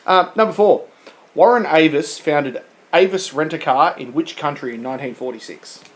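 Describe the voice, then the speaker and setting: A man's voice: fairly high pitch, moderate pace, a little hiss or hum, low-quality recording. A man co-hosting a podcast, reading quiz questions in casual, teasing banter and laughing often.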